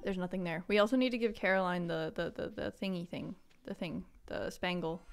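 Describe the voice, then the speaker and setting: A woman's voice: lowish voice, brisk, clear, resonant tone, soft background music. A woman streaming a farming game live, chatting playfully with her viewers and reading their comments aloud. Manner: chatty and playful, answers chat, mock outrage. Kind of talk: casual live-stream chat.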